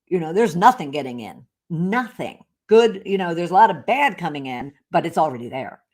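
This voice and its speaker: A woman with a notably low-pitched voice tells a personal story as a podcast host. She talks candidly and rambles, full of fillers and restarts. She sounds middle-aged. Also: sing-song, moderate pace, darkish tone.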